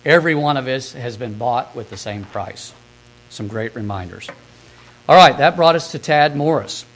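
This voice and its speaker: A man giving a sermon, reading scripture passages and then recounting a story in a quieter, quicker way. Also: mid-range voice, lively intonation, low-quality recording. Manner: reads scripture aloud, then retells stories in a soft, quick aside. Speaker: preacher recapping a sermon.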